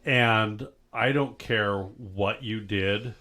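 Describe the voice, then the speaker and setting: A man's voice: fairly low pitch, extremely slow, bright, forceful tone. A man co-hosting a casual podcast, joking around, laughing often and asking his guests questions. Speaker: podcast co-host. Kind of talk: casual chat.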